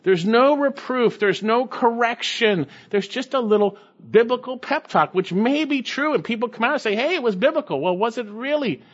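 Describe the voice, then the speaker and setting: A male pastor delivering a sermon, reading scripture slowly and then explaining it with emphatic asides. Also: extremely high pitch, lo-fi sound.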